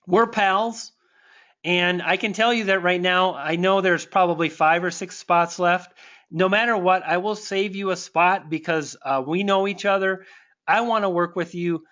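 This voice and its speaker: Effusive high-voiced man on a dull stream. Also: a little slow, a bit bright. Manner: effusive and thankful, stumbling restarts. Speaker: online marketing coach. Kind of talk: live webinar Q&A, reading viewer comments.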